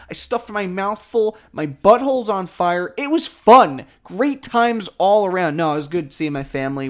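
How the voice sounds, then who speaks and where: A man hosts his own sports podcast in a loose, jokey recap style. His pitch swings widely as he teases himself and the teams. It is a casual, animated delivery. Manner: jokey, animated, self-mocking banter. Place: home setup, face on camera.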